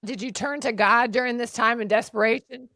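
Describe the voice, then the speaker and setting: Gravelly-voiced woman host, dry sound. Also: fairly high pitch, steady tone, brisk, dry recording. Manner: gentle probing questions. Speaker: podcast host. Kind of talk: interviewing.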